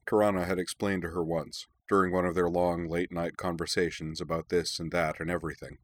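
A man reading a novel aloud in measured, even storytelling narration. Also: sits low, no echo. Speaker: audiobook narrator. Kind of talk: scripted narration.

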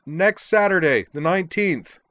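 A man reading an eager friend yelling from afar. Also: high voice, lively intonation, unhurried, no room sound, voice pushed up. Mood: shouting. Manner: shouted, eager. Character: friendly student yelling across a lawn.

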